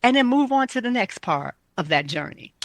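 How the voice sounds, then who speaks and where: A woman's voice: a little high, very animated, a little fast, no room sound. A woman health coach giving casual, emphatic self-care advice, repeating her points.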